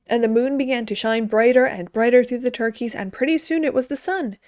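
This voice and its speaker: A woman reading a story aloud in a gentle, expressive way. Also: on the high side, a little fast, no room sound, clean studio sound.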